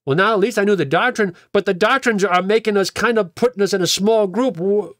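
A man's voice: high-pitched, a little fast, a bit bright, dry recording, studio quality. A man, a pastor, telling his own story in a conversational way, repeating words and acting out what people said to him. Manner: conversational, repeats words, acts out quoted dialogue. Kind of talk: personal testimony storytelling.

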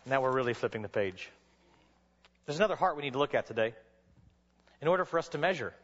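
A man preaching a sermon to college students, telling stories dramatically and sometimes rising to a shout. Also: medium pitch, expressive, fast. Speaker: chapel speaker. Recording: dull sound with long hall reverb.

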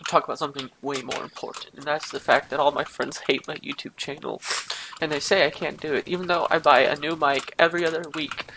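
Rambling, profane woman with a gravelly edge. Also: low-pitched, steady tone, a little fast, background noise. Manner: profane, rambling, mock-boastful. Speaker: gameplay commentator. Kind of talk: parody live game commentary. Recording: loud keyboard typing behind voice.

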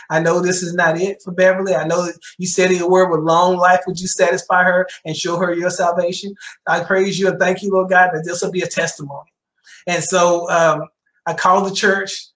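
Heard with a roomy echo in a church sanctuary, a middle-aged man serving as church elder preaches and relates his personal testimony, repeating phrases for emphasis. His voice is high-pitched and a bit bright.

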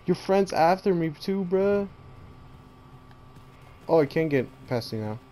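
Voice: mid-range voice, animated, takes it slowly, warm tone. Jumpy slangy horror game player. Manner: jumpy, talks to the monsters, slangy; bursts into panicked repeated screams. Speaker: gamer playing a horror game. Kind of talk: horror gameplay commentary.

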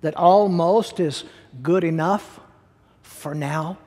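A male pastor with a noticeably high, slightly mellow voice preaches slowly, driving his points home by repeating key words. His delivery is emphatic but conversational, with plain asides to the congregation, and the audio has the long reverb of a church hall.

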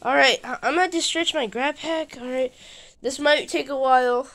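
A woman hosting her channel, narrating a playful toy adventure in an excitable manner and bickering back and forth with herself. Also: high voice. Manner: excitable, bickering with itself, quick changes of voice. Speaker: channel host.

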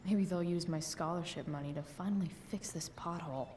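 A woman's voice: on the low side, fairly quick, a little mellow, husky. Chloe Price, a sardonic teen girl. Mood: sarcastic. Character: rebellious teen girl, sarcastic and defiant. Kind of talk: video game dialogue.

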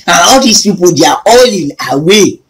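A man co-hosting a casual chat, scolding and animated. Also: high voice, brisk, slightly rough. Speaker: co-host.

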